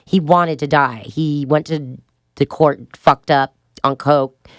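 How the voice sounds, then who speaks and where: A woman's voice: deep voice, steady tone, slow pace, no room sound, studio quality. A middle-aged woman as a podcast guest, telling a wild story bluntly and profanely, laughing along as she goes. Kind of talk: candid storytelling interview.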